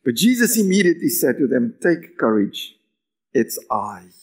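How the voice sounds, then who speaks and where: A man preaching a sermon as pastor, moving between emphatic lines and hushed near-whispers, with raised, lively pitch when acting out quoted lines. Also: normal speed.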